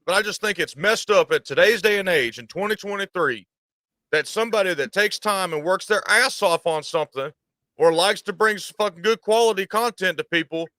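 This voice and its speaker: A man's voice: high voice, a little fast, pushed and bright, dry recording. A man from Georgia with a Southern US accent, a gaming streamer ranting angrily with plenty of swearing. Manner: angry, profane. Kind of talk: ranting monologue.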